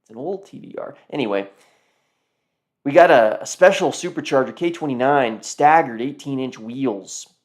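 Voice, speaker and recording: A man of medium pitch hosting a live car auction stream. He chats casually and rambles, often repeating his words and turning to talk to his viewers. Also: normal speed. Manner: rambling, talks to viewers as "guys", repeats himself. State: yawning, tired. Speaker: car auction livestream host.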